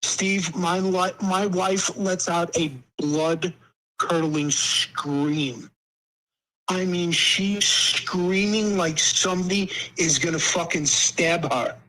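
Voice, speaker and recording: A man's voice: high voice, slow pace, pushed and bright, rough recording. A man calling into a podcast, telling a story casually with plenty of swearing. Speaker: caller.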